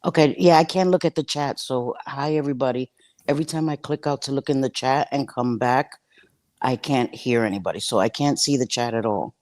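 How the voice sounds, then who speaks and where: A woman's voice: very deep voice, fairly quick. A middle-aged woman, a panel guest on a live stream calling in by phone, keeping her voice down and joking bluntly. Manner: talks quietly, blunt and joking. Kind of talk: casual chat. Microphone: phone on video call.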